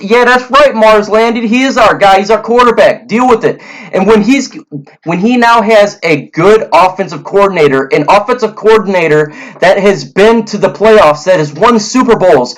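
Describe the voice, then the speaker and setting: A man with a high voice hosts a fan sports show in a heated, repetitive rant. He stumbles and restarts often, piling up words as he goes. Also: low-quality recording. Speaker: sports channel host. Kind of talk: fan rant and draft predictions.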